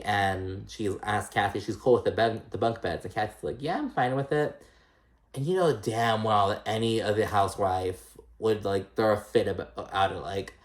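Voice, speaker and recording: A man hosting a casual reality TV recap. He talks in a chatty, profane way and mimics the cast's lines in a higher pitch.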